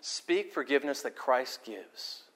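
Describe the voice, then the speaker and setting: A pastor preaching a sermon, earnest and storytelling, moving between forceful emphasis and quiet, intimate moments. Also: male voice, mid-range voice, unhurried. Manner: animated storyteller, repeats words for emphasis.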